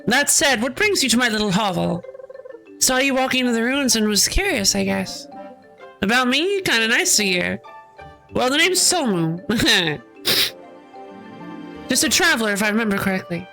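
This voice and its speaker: A woman's voice: on the high side, very animated, moderate pace, vocal fry, pauses often, pushed and bright, faint music behind, heavily acted. A woman reading the lines of an easygoing, chatty male traveler who has lost his memories.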